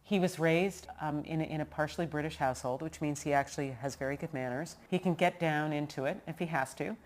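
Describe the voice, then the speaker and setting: A woman hosts a podcast with a low voice and a rapid, tumbling pace. She is effusive and chatty, often turning to address her listeners directly as she talks. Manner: effusive, fast, addresses listeners as "you guys". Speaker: podcast host, producer. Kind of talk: casual podcast interview.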